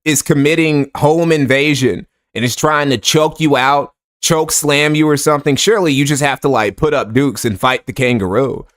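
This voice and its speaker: Man, livestream commentary, sarcastic and crude, rambling, slightly high voice. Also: normal speed, few pauses, a bit bright. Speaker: streamer reacting to clips.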